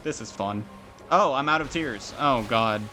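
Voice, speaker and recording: A young man streaming a video game, chatting casually with viewers, swearing often and venting loudly at the game. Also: medium pitch, a little slow, soft background music. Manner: loud, swearing, frustrated outbursts and laughing. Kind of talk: casual gaming stream chat.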